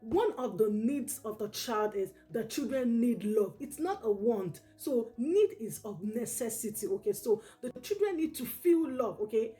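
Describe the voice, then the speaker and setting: A woman in an earnest parenting talk, repeating her points and checking in with "okay?" after nearly every line. Her voice sits fairly high but sounds mellow rather than bright. Faint music plays quietly under her. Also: animated, unhurried, few pauses. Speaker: parenting educator. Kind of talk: direct-to-camera parenting advice.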